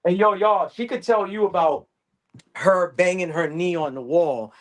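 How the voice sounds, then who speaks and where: A man's voice: sits high, measured pace. A man co-hosting a casual chat, teasing his friend, laughing often and acting out what she says. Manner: teasing, animated, laughs often, acts out quotes. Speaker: co-host. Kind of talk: casual banter.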